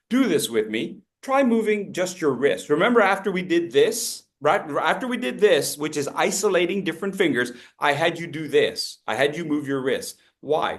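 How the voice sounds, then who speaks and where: A man leading a speaking workshop, calling out upbeat instructions and joking with the group. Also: a little high. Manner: upbeat, animated, jokes with the group; calls out instructions and audience names. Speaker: speaking coach. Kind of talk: interactive coaching workshop.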